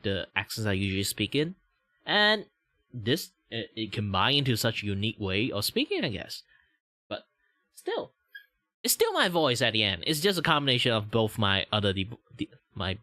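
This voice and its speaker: A man from Malaysia with a Malaysian English accent, chatting slowly and methodically on a stream, rambling and swearing. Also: fairly low pitch, pushed and bright, no room sound. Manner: slow, drawn-out, rambling with swearing. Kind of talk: casual stream chat.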